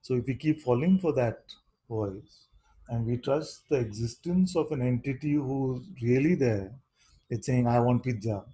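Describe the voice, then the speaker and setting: A man giving a satsang talk as a spiritual teacher, speaking in an unhurried, questioning way and often asking "you see?". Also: medium pitch, warm tone, breathy edge, poor audio.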